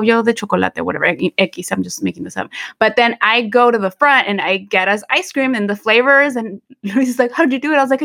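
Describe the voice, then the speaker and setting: A woman's voice: mid-range voice, a bit bright. A middle-aged woman co-hosting a casual podcast, switching freely between English and Spanish as she tells stories. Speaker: podcast co-host. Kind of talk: casual chat.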